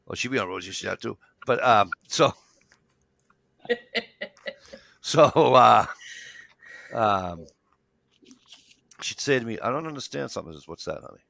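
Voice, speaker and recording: A man's voice: on the low side, slow pace, creaky, long pauses, no echo. A man telling long stories in casual chat, acting out each side of the conversation and swearing freely. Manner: animated storyteller acting out dialogue, swears freely. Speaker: show regular.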